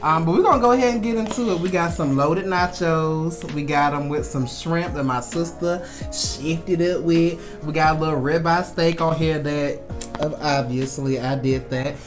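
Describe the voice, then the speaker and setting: A man's voice: a little high, moderate pace, over music. A young man in his twenties, hosting a casual mukbang food vlog in a laid-back, chatty way and laughing easily.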